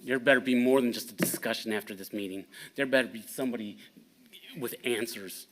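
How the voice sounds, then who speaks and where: A man's voice: mid-range voice, brisk, a bit bright. A man speaking at public comment in a town council meeting, blunt and indignant, with filler ums.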